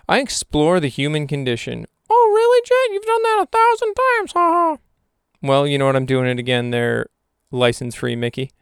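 This is a young man riffing through a comic monologue as a podcast host, teasing himself and dropping into goofy voices. His tone is gravelly yet smooth and sits at an average pitch. The recording is dry and close, with no room sound. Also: no room sound. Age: 20s. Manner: playful, self-mocking, slips into silly voices. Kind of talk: comedic monologue.

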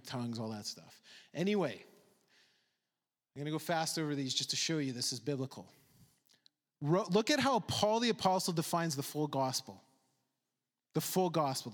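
A man's voice: a little high, fairly bright tone, big-room sound. A man preaching a sermon as pastor, emphatic and conversational, repeating words for stress with casual asides.

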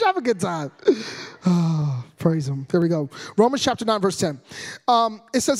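A man in his thirties giving a humorous sermon as a guest preacher, loud and animated, joking with the congregation. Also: high voice, moderate pace.

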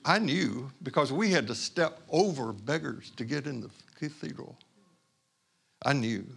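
A male pastor from Houston, Texas telling a personal story in a sermon, conversational and halting with asides. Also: medium pitch, expressive, gravelly, fairly bright tone, breathy edge.

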